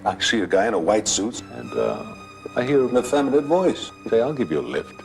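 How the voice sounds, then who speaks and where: A man in his sixties telling a spooky anecdote in a halting, conversational way. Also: on the low side, very animated, gravelly, a little mellow, soft background music. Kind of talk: storytelling anecdote.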